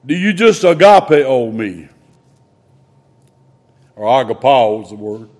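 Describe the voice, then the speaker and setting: A man preaching a sermon in a folksy, conversational way, swinging between loud emphasis and hushed asides. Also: mid-range voice, big pitch swings, slow.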